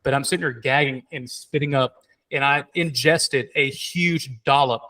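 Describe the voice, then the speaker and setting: A man in casual podcast conversation, spinning an animated personal story. His voice has a bright, pushing quality. He stumbles, restarts and piles on fillers as he goes. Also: medium pitch, normal speed. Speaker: podcast host.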